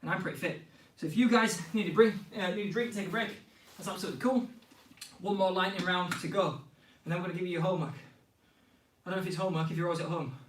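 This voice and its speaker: A man coaching a live online football skills class. He is out of breath, counts reps out loud and cheers the players on. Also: high-pitched, quick pace, roomy sound, distant mic, a little hiss or hum, low-quality recording. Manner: energetic, counts reps aloud and cheers students on.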